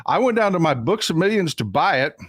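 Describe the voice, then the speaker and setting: Man, livestream host, lively swooping pitch, fairly high voice, dry close sound, chatty storyteller. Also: brisk, husky, no echo. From Texas. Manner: animated storyteller, mimics people in raised voices. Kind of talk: casual chat.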